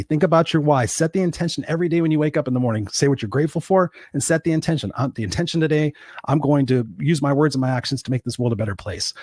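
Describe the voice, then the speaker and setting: A man's voice: fairly high pitch, darkish tone, dry recording, studio quality. A man telling a personal story as a podcast guest and motivational coach, emphatic and speaking straight to the listeners. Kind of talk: storytelling interview talk.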